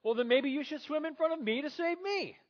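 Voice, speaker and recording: A man's voice: very high voice, expressive, a little fast, muffled recording, voice pushed up. A man voicing a lazy young husband who dodges his wife's questions with offhand jokes. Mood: wisecracking. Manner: wisecracking, offhand.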